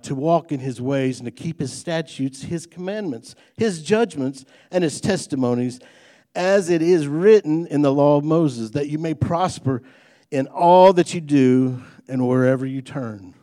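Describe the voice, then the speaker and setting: A man's voice: medium pitch, unhurried, dark tone. A man preaching a sermon in a folksy, conversational way, mixing jokes into his points and building emphasis on key lines. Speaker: pastor.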